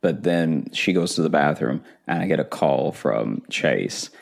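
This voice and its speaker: A man with a very deep voice tells a story in a relaxed podcast chat. He slips into the voices of the people he is quoting and laughs as he goes. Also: unhurried, creaky. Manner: animated, acts out phone calls, laughs through the story. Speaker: podcast co-host telling a story.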